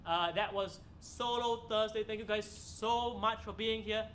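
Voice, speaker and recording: A man's voice: high-pitched, steady tone, a little slow, a bit bright, slight background noise. A young man hosting a solo comedy livestream from a comedy club, telling joking stories and laughing at his own punchlines. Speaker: stand-up comedian and show host. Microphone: streaming camera mic.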